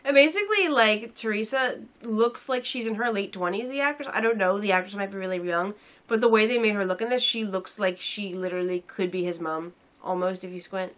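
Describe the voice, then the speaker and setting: A woman's voice: medium pitch, a little fast, fairly bright tone. A young woman casually reviewing a film in a sarcastic, rambling way with many fillers.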